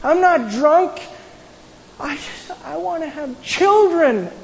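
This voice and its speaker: A woman's voice: sits high, expressive, slow, creaky, darkish tone, big-room sound, pitched above the performer's own voice, full character voice, low-quality recording. A woman voicing a young, childless wife who earnestly pleads that she is not drunk. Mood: pleading.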